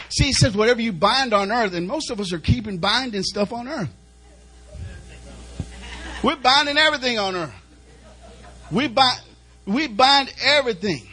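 A man's voice: extremely high pitch, lively intonation, normal speed, long pauses, pushed and bright, low-quality recording. A male preacher delivering an emphatic sermon, repeating phrases as he urges the congregation on. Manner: emphatic, repetitive, urging the congregation.

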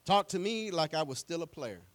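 A middle-aged man preaching a sermon in an everyday, plain-spoken way, his voice pitched a little high for a man. He stumbles over restarts now and then. Every so often he breaks into lively acted-out quotes. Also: normal speed. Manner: acts out quoted voices in animated bursts. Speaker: pastor.

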